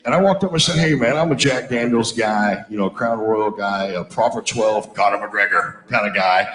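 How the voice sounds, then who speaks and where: A man telling stories in a casual chat, swearing freely and talking with loud, boisterous energy. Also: fairly low pitch, moderate pace, reverberant, rough recording. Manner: profane, boisterous storyteller. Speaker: musician.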